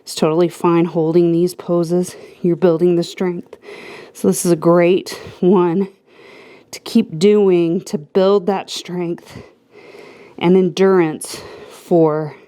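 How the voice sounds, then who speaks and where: Slow, calm woman guiding yoga. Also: on the low side. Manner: calm step-by-step cueing with breath counts. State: a little out of breath at times. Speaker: yoga instructor. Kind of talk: guided yoga class instruction.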